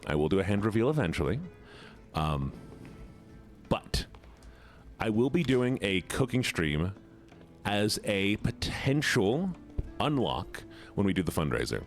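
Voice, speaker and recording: A man's voice: lowish voice, sing-song, moderate pace, pauses often, faint music behind. A man streaming a game and chatting casually with his viewers in a playful, rambling way, often repeating words. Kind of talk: casual live-stream chat while gaming.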